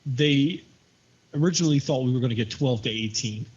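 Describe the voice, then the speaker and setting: A man with a husky, medium-pitched voice talks bluntly on a talk show. His crude, sweary remarks come through a dull, lo-fi line. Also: fairly quick. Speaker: podcast co-host. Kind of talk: casual profane chat.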